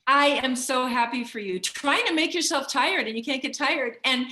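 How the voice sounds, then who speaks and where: Bright, echoey woman hosting a video call. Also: high voice, lively intonation, moderate pace. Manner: cheerful, encouraging, calls on people by name. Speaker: call host. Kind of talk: casual group video call.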